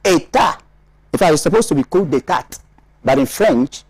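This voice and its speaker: A man's voice: fairly high pitch, animated, brisk, darkish tone. A man from Ghana, a studio panelist, lecturing in an emphatic, explaining manner with many repetitions. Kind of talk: studio discussion analysis.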